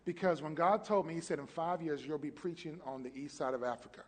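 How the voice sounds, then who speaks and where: A fast-talking man with a fairly high voice, a pastor serving as co-host, tells stories in a lively, casual chat. He trips over his words often, and a long hall reverb surrounds him.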